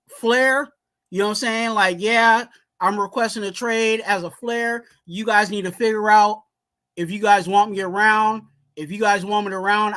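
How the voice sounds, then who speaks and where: Guy on a fan livestream, bright edgy voice, gets heated and yells. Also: high-pitched. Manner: heated, ranting, yells at times. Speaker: co-host of a sports fan livestream. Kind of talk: live sports fan stream talk.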